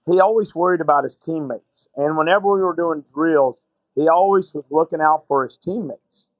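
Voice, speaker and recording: A middle-aged basketball coach, guesting on a podcast, tells long anecdotes and retells conversations in quotes, acting them out. His voice is on the high side and his pace moderate. The recording has no echo but sounds muffled.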